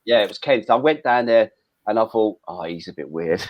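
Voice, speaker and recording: A man's voice: lowish voice, animated, fairly quick, highs cut off. A middle-aged man telling old football stories in an interview, chatty, with lots of restarts and casual swearing. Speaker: former footballer guest.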